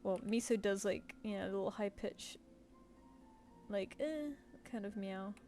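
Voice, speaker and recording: A woman's voice: mid-range voice, little pitch movement, moderate pace, mellow, soft background music. A woman with a British accent chatting casually with viewers while she works on a live stream, rambling with lots of fillers. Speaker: streaming artist.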